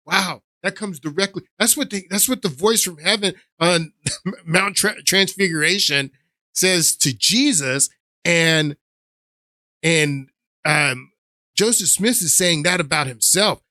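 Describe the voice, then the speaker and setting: A man's voice: fairly high pitch, a little slow, sharp tone, dry recording, studio quality. A man hosting his own podcast, giving emphatic, repetitive opinion commentary with many restarts. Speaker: podcast host.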